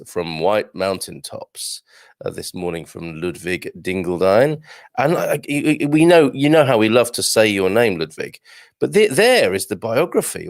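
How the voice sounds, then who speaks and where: A chatty man hosts a casual live stream from home, reading out viewer comments with self-deprecating humour. His voice has a gravelly, creaky edge, and the sound is dry and close. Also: lowish voice, no echo. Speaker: livestream host. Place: home with builders working on the roof.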